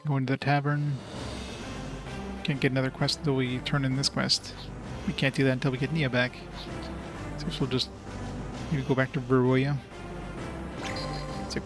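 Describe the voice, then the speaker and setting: A man at a mid-range pitch reads a game aloud, breaking off into casual asides. He thinks out loud with loose fillers and half-finished thoughts. Clear game music plays behind him. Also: flat delivery, moderate pace, long pauses. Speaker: let's player.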